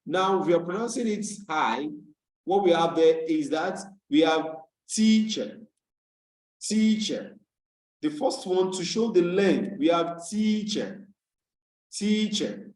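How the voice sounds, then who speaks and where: A fairly high-voiced man with a Nigerian English accent teaches over a video call and repeats key words slowly so students can follow. His voice rings in an echoey room. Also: darkish tone. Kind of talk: online tutorial lecture. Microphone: computer mic on a video call.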